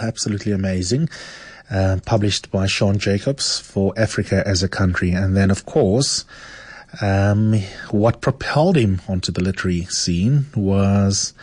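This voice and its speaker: A man's voice: fairly low pitch, darkish tone, no room sound. A man hosting a radio literature segment, talking conversationally with hesitant fillers between excerpts. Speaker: radio show host.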